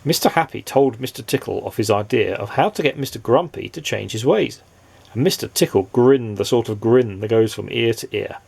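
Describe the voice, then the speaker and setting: A man reads a children's storybook aloud with playful energy and invites the listener to guess what comes next. His voice is husky with some vocal fry, and his pitch moves in a lively way. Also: brisk. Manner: expressive, playful, asks the listener questions. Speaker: parent reading aloud.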